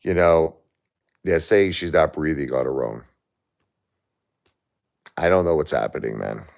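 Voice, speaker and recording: A man's voice: very deep voice, a little slow, gravelly, a little mellow. A man hosting a live stream, talking in an exhausted, distressed way and repeating himself. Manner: weary, distressed, repetitive. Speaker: livestream host. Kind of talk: emotional live stream talk to chat.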